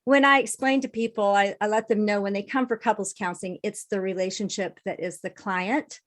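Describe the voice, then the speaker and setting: A woman's voice: mid-range voice, a little fast. A woman hosting a podcast interview, eagerly jumping in with follow-up remarks and questions about counseling. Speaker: podcast host and therapist.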